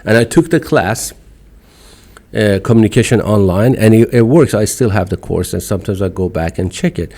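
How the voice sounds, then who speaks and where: A man's voice: lowish voice, moderate pace, mellow. Iranian-accented man speaking emphatically. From Iran. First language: Farsi. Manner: emphatic, outspoken, broken English. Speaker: podcast guest. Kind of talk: casual conversation.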